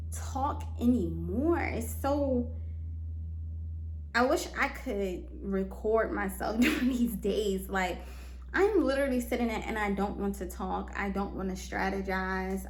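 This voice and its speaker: A woman's voice: mid-range voice, reverberant, slight background noise. A woman hosting a solo podcast, talking earnestly and with emphasis, repeating phrases and often checking that the listener understands. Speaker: podcast host. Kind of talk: motivational solo podcast talk.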